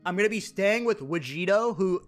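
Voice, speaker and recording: A man's voice: high-pitched, a little fast. Man streamer chatting over faint music. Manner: relaxed, thanks subscribers. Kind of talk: casual stream chat.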